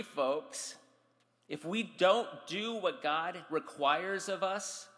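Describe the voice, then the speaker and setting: A man's voice: sits high, drawn-out words, pushed and bright, in a large hall. A man preaching a sermon, reading scripture dramatically and speaking directly to his congregation. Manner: dramatic, voices scripture with raised intensity. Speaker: pastor.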